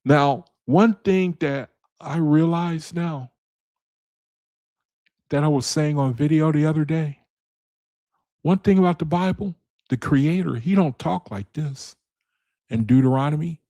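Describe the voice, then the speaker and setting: A man's voice: on the high side, measured pace, long pauses, dark tone. A man with speech leads a casual Bible study for his viewers. He talks in a loose, conversational way and keeps hammering the same point again and again. His voice sounds dry and close, with no room echo. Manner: conversational, repeats phrases, addresses viewers as brethren and man.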